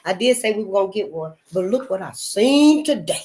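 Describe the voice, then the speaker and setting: A woman's voice: mid-range voice, animated, fairly quick, warm tone, a little hiss or hum. A woman hosting her channel, talking straight to her viewers in a casual, emphatic, folksy way and calling them honey and y'all. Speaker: channel host. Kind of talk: casual spoken monologue to viewers.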